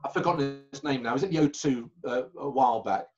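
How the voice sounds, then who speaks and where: A man telling anecdotes as an interview guest. He talks in a halting way and corrects himself often, over a video call. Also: mid-range voice, lo-fi sound, over music. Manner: chatty raconteur, halting and self-correcting. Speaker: magician guest.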